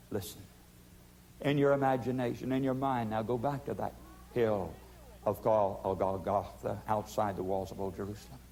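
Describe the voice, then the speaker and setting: A man preaching a sermon, pleading with emphatic force and then dropping to hushed tones. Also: fairly low pitch, steady tone, normal speed, slight background noise.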